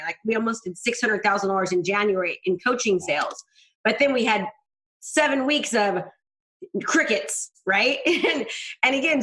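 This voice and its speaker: A woman guest, a business coach, telling stories candidly and animatedly, often acting out what people said. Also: fairly high pitch. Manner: animated, frank, quotes herself and others in voices. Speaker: real estate coach and guest. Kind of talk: candid storytelling interview.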